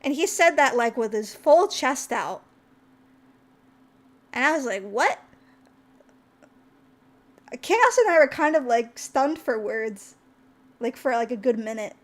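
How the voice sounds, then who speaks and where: This young woman VTuber tells her chat a story in a high-pitched, animated voice. She takes her time, leaves long pauses, and rambles casually with plenty of fillers and laughter.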